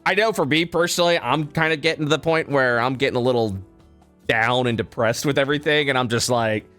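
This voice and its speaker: A man's voice: medium pitch, brisk, fairly bright tone, soft background music. A man co-hosting a casual podcast, ranting and swearing a lot and repeating himself. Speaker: podcast co-host.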